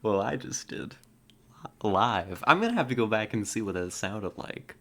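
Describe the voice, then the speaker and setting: A woman streaming a game, chatting casually and excitedly, laughing often and making playful growling noises. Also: very deep voice, normal speed. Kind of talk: casual live-stream commentary.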